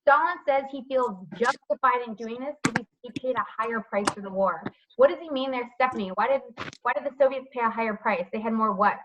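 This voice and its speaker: A woman's voice: a little high, a little fast, few pauses, a bit bright, a little hiss or hum, poor audio. Woman teacher questioning her online class. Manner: asks students questions by name, says "right?" often. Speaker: history teacher. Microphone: computer mic on a video call.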